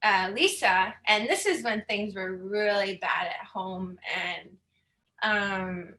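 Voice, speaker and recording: A woman's voice: medium pitch, slow, pushed and bright, reverberant. A woman in her thirties from Saskatchewan, giving a candid, chatty personal talk as a guest speaker, laughing often and moved at times. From Saskatchewan, Canada.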